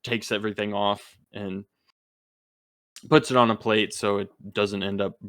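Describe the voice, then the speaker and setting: A man narrating as game master, slow and descriptive with occasional fillers. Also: fairly low pitch, level tone, a bit bright, dry recording.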